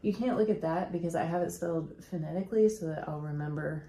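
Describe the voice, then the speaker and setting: A woman's voice: deep voice, quick pace, dark tone. A woman co-hosting a podcast, chatting casually as she tells a true-crime story and acts out quotes from the people in it. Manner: chatty, recounts events with quoted voices.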